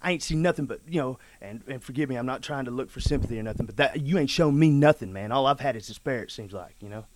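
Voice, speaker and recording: A rough-talking man telling a story. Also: medium pitch, quick pace, few pauses. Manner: animated, rough-spoken, says "man" and "dude" a lot. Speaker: guest telling his story. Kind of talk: casual storytelling.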